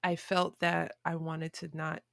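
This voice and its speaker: Gravelly-voiced woman telling a story. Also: sits low, flat delivery, unhurried, fairly bright tone, no echo, studio quality. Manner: reflective, frequent restarts and fillers. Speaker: podcast guest. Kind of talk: conversational storytelling.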